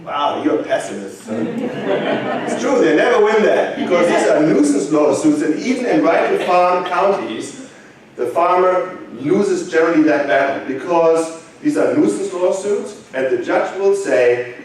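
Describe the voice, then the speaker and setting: A man's voice: high voice, expressive, measured pace, crowd noise. A man with a German accent giving a conference lecture, asking the audience questions and joking with them. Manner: engaging, asks the audience questions, jokes. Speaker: conference speaker. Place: large conference hall. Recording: echoey hall, mic from far off.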